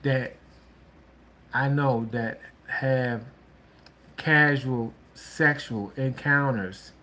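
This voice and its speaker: Slow, halting man giving frank advice. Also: mid-range voice, pushed and bright. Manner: slow, halting, with many restarts and "you know". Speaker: relationship talk host. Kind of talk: casual advice monologue.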